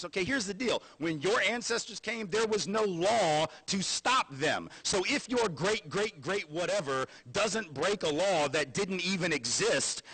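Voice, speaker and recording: A man lecturing at a university with an animated, sarcastic energy. He talks conversationally, in a fairly high voice. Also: husky. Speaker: guest lecturer. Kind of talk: public lecture.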